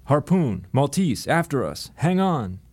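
A man voicing a laid-back Brooklyn van driver who talks about himself in the third person and calls people brah, a little higher than his own voice. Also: animated, moderate pace, a little mellow, lightly acted. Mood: urgent.

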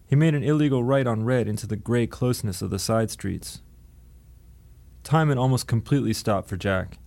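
A man narrating an audiobook in a steady, dry storytelling manner. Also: fairly low pitch, moderate pace, creaky.

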